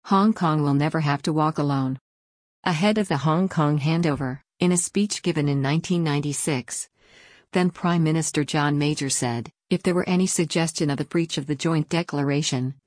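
A woman narrating a scripted news report in an even, formal read-out manner. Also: sits low, moderate pace, dry recording, clean studio sound.

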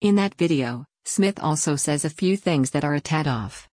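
Low-voiced woman reading a column. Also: expressive, moderate pace, a little mellow, no room sound. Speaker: article reader. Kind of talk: read-aloud opinion column.

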